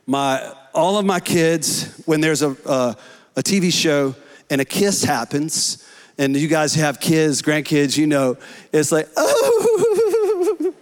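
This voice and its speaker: Pastor, 30s, earnest sermon delivery, slightly high voice, long hall reverb. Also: male voice, unhurried. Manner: earnest preaching, rising to shouts in prayer. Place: church hall.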